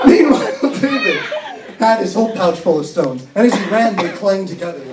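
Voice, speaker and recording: A man's voice: high voice, expressive, fairly quick. A man narrating a Bible story for children in a live skit, playful and full of joking asides. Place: church hall with children. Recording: echoey hall, far mic, loud crowd and noise.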